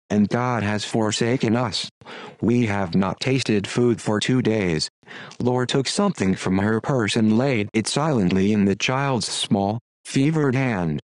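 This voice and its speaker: Synthetic male audiobook voice, low and dry. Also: dry recording, poor audio. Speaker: audiobook narrator. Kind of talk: text-to-speech narration of a classic story.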